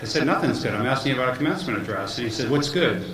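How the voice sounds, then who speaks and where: A man's voice: mid-range voice, lively intonation, racing, fairly bright tone. Middle-aged man joking at a podium. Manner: joking storyteller, self-deprecating. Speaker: commencement speaker. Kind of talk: commencement speech. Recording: echoey hall with background noise.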